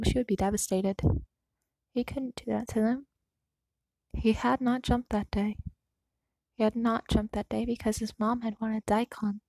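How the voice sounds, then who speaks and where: A woman narrating a story aloud in a soft, emotional reading that sometimes drops to a whisper. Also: on the high side, no echo, rough recording. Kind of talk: reading fan fiction aloud.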